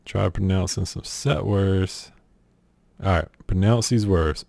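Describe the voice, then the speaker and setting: A young streamer from South Carolina, with a Southern accent and a low voice marked by vocal fry, talks a little slowly through an accent challenge. Laid-back and offhand, he reads questions for a casual vlog and says "y'all" and "ain't," in clean studio sound with no room noise.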